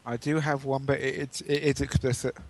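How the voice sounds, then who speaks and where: A man's voice: mid-range voice, little pitch movement, fairly quick. A man in a casual film-review chat, wryly sharing quoted lines.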